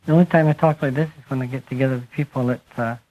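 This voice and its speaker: A man giving a spiritual talk to a live audience, speaking slowly and emphatically and letting his phrases fall away softly. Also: mid-range voice, steady tone, dull audio, noisy background. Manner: slow, emphatic, trailing off softly at phrase ends. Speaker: speaker addressing a group.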